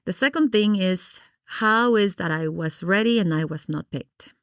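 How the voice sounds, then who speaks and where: Woman from Guatemala, expressive storyteller, mid-pitched, dry close sound. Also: moderate pace, no room sound. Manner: expressive, animated, acts out her own past reactions. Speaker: podcast guest. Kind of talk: personal storytelling in an interview.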